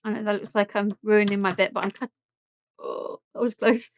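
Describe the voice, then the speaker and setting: A southern English woman narrates a live craft session, chatting, thinking aloud and joking at the mess she's making. She has a mid-range, steady voice at normal speed, with a little hiss or hum in the recording.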